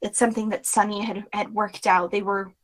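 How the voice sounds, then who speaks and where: A woman voicing a tired, meek young shopkeeper who speaks softly and hesitantly. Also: mid-range voice, moderate pace, natural voice. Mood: weary apologetic. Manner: soft, hesitant, apologetic.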